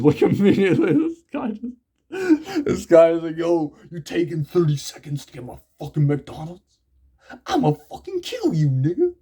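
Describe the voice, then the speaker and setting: A man's voice: mid-range voice, darkish tone. Young man, comic reviewer, rambling casual talk, heavy fillers, constant swearing. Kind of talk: casual chat.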